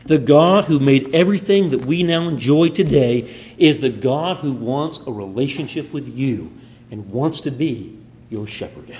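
A man preaching a sermon in a church, earnest, building emphasis then falling to quiet endings. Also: a little high.

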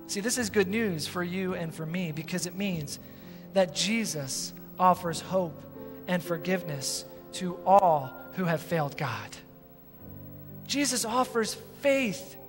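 A male pastor preaching a sermon with dramatic storytelling, swinging between loud and soft as he acts out scenes. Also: extremely high pitch, in a large hall. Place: church sanctuary.

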